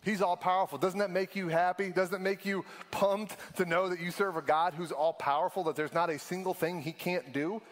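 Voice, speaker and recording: A young adult man preaching a sermon as a pastor, animated and conversational, laughing often. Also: high voice, fairly quick, hardly any pauses. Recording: long hall reverb.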